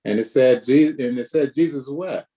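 Speaking at a moderate pace with a warm, medium-pitched voice, a man teaches and preaches to his Bible study group. He sounds preacherly, often repeats himself, and puts questions to the group.

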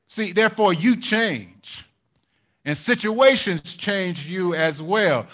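A man's voice: sits high, takes it slowly, a bit bright. A man pastor preaching a sermon, repeating his points and checking in with the congregation, with frequent chuckles. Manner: repetitive, asks the congregation for responses; chuckles often while preaching.

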